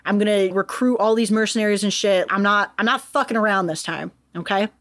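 A woman's voice: medium pitch, a little fast, fairly bright tone, no echo, clean studio sound, lightly acted. A woman voicing a defiant, profane fleeing king who is rallying his army for one more fight. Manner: blustering, profane.

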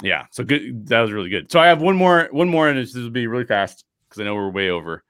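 A man in his thirties, a podcast host telling a personal story with lively acted-out quotes and frequent restarts. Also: medium pitch, fast talker, no echo, studio quality. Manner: animated storyteller acting out quotes, many restarts.

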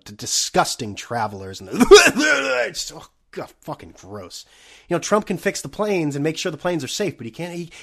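A young man hosting his own podcast while sick and out of breath, ranting in a profane, sarcastic, rambling way. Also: medium pitch. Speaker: podcast host. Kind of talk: solo podcast rant.

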